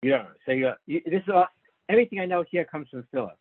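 A man's voice: on the high side, animated, fast talker, slightly rough, no room sound. A man leading an online study class, patiently explaining texts to his students by name, stopping and restarting his sentences as he thinks. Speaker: class teacher. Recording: narrow phone-like sound, dry.

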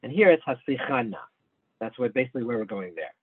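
On a video call, a man explains Hebrew texts to a small online study class, going step by step and addressing students by name, patiently though with many restarts and broken-off sentences. His husky, middling-pitched voice comes across thin and phone-like with no room sound, and he is very animated and very fast.

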